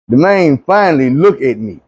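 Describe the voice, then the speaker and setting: A man telling a long dream story, animated, dropping low and quiet when he pleads. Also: moderate pace, slightly rough, muffled recording. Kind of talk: recounting a dream testimony.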